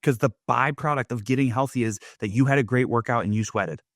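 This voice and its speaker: A podcast host with a mid-range voice talks briskly in a loose, chatty monologue, leaning hard on "like" and "right?". The studio recording is clean with no echo.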